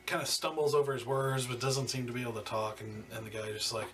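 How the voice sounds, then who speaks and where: A man narrating as game master of a tabletop game, halting with many fillers and restarts. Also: mid-range voice, little pitch movement, a bit bright. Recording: distant mic with music behind.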